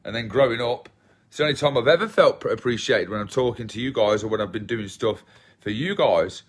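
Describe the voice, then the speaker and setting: A man's voice: medium pitch, fairly quick, slightly rough. An English man with an English accent chatting casually with viewers on a livestream, self-deprecating and rambling. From England. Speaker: livestream host.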